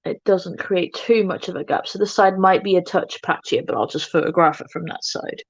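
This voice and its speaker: A woman's voice: lowish voice, normal speed, vocal fry, slightly rough, dry recording, dull audio. A woman hosting a casual makeup livestream, chatting to her viewers in a self-mocking way while she works. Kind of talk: casual makeup tutorial chat.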